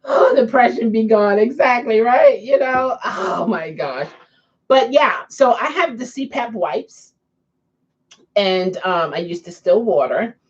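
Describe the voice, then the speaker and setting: A woman's voice: fairly high pitch, lively intonation, lo-fi sound. A woman vlogger chatting casually to her viewers, breaking into frequent fits of giggling laughter. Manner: laughs often, giggling fits, slow and drawn-out. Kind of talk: casual chat to camera.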